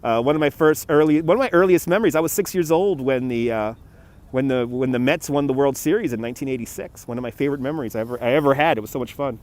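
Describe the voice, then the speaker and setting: A New York man in his forties hosts a live walking-tour stream by a city harbor, chatting casually, reading viewer comments, and greeting people by name. He talks quickly in a mid-range, darkish voice, filmed on a phone on a handheld gimbal with traffic behind him.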